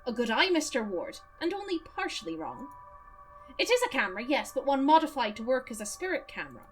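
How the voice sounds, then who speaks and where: Reading game dialogue aloud, a woman with a high, very animated, brisk voice plays a middle-aged male doctor in a video game. She puts on an Irish accent and speaks earnestly and precisely, as if lecturing, over soft background music.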